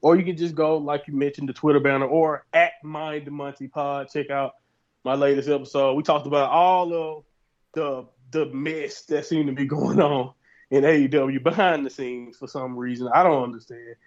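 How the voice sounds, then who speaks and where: A man chatting casually as a podcast co-host, easygoing as he plugs his own show. His voice sits a bit high for a man. The audio sounds dull and lo-fi. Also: moderate pace. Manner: relaxed, chatty, self-promoting.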